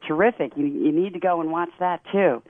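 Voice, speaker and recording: A woman appearing as a guest on a radio talk show, warm and effusive in her praise. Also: on the low side, a little fast, over a noisy crowd. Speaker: guest, psychic and radio host. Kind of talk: casual radio interview. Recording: phone-line guest audio.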